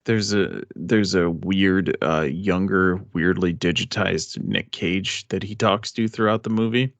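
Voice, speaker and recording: Lower-voiced man, dry podcast audio. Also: fairly even intonation, measured pace, creaky, dry recording, dull audio. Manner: rambling, thinks aloud. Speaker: podcast co-host. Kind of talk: casual movie review chat.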